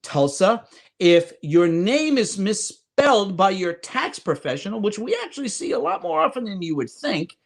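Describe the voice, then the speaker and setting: A man's voice: high voice, very animated, normal speed, vocal fry. A middle-aged man with a slight Irish accent, co-hosting a casual advice podcast from home and joking as he rambles. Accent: Irish-tinged. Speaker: podcast co-host, loan adviser.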